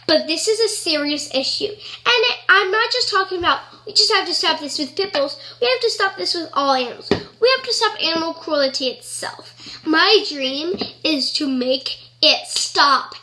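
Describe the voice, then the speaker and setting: A woman with a high, bright, ringing voice talks straight to camera in a loose, rambling vlog style. She fills her sentences with "like" and sounds earnest about every point. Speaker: vlogger. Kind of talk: casual chat to camera.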